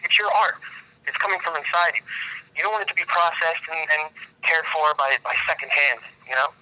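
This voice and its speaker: A man with a very bright, fairly high voice tells absurd comic stories with a straight face. He is a podcast guest from the Pacific Northwest of the United States. He hesitates and restarts often, and the sound is close and dry. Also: brisk, dry recording, rough recording. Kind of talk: comedic podcast interview.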